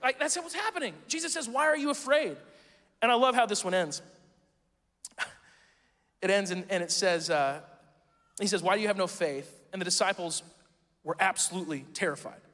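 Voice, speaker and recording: A man's voice: sits high, lively intonation, normal speed, pauses often, a bit bright, big-room sound. A man preaching a sermon as pastor, casual and joking, reading scripture and adding playful asides.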